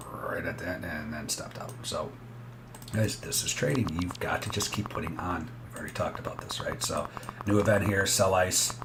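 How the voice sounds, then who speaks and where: A man's voice: low-pitched, background noise. A man giving casual, blunt commentary as he trades live and talks straight to his viewers.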